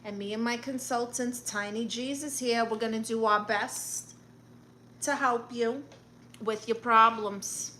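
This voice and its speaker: A woman's voice: on the high side, steady tone, unhurried, pushed and bright, a little hiss or hum. A woman doing a brassy Brooklyn auntie. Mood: sassy. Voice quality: sassy, blunt, boastful. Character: brash middle-aged Brooklyn aunt posing as therapist. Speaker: livestream host. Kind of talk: in-character livestream chat reading.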